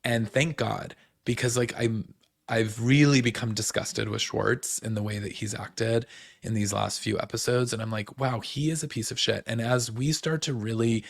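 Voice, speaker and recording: Gravelly man rambling through a recap. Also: mid-range voice, no echo, clean studio sound. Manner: rambling, full of "like" and "um" fillers; animated, puts on the cast's voices in quotes. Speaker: host. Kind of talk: casual reality TV recap.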